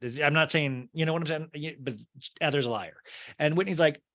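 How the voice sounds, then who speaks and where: A man's voice: a little high, fairly quick, a bit bright. A man hosting a comedy podcast, recapping a reality show in a wry, gossipy and theatrical way. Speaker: podcast host. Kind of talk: comic TV recap.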